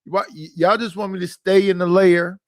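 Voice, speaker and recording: Guy ranting on his stream at home, aave, kinda high voice, dry mic, exasperated and cussing. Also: steady tone, moderate pace, no echo. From Oakland, California. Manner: exasperated, rhetorical, profane. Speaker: livestream host. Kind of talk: casual livestream rant. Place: his living room.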